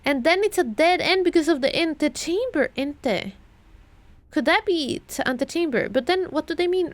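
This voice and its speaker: A woman's voice: high-pitched, expressive, moderate pace. A young British woman streaming a puzzle game, muttering and thinking aloud as she repeats clues to herself.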